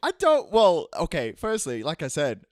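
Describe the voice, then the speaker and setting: A man's voice: on the high side, huge pitch swings, normal speed. A man co-hosting a casual podcast chat from his room at home, rambling with restarts and frequent giggles. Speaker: podcast co-host. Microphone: home microphone.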